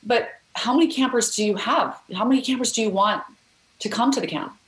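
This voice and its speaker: A woman retelling a story puts on a kind, wealthy older woman who speaks in a gentle, reassuring way. Her voice sits a touch higher than the teller's own. The room gives it a noticeable echo. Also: brisk, natural voice. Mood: generous. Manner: warm, reassuring. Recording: roomy echo.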